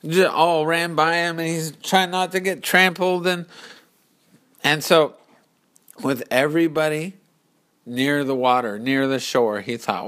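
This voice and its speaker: A man telling an improvised pirate adventure story in an unhurried, explanatory way. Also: on the high side, steady tone, a bit bright.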